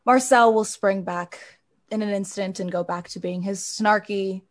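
A woman's voice: medium pitch, fairly even intonation, normal speed, close to an everyday voice. A woman playing a kind, awkward magister. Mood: gentle. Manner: gentle, reassuring, a little awkward. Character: kind, diplomatic female magister.

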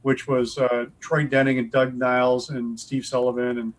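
Relaxed chatty man from Wisconsin. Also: medium pitch, moderate pace, rough recording. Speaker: guest author. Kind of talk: casual interview.

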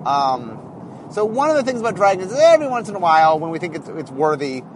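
Man rambling on about game design, high voice that jumps around a lot, bit of car noise in the background. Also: brisk. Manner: rambling, self-correcting, animated explainer. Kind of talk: casual spoken commentary.

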